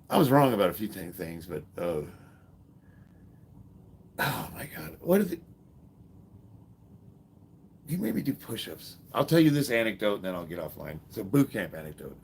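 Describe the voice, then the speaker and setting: A middle-aged man with a low, gravelly voice that rises and falls in lively swings as he spins profane, joking stories. He talks to his viewers like a strength athlete on a casual livestream. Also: normal speed, pauses often, slight background noise. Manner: profane, joking, animated storyteller. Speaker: strength athlete and fitness streamer. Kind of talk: casual livestream chat and storytelling.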